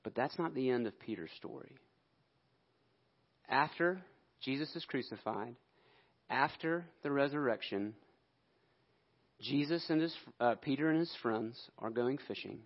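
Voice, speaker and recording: A male preacher telling a scripture story in an animated sermon, acting out the quotes. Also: mid-range voice, measured pace, long pauses, lo-fi sound.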